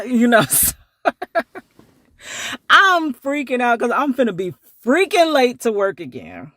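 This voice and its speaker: Taking her time and pausing often, she recounts a story to the camera, animating every quote with large pitch jumps and laughing frequently. The recording has no room sound.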